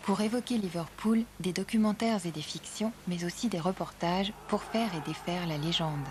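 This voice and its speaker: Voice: medium pitch, brisk. Documentary narrator, noisy track. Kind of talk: scripted narration.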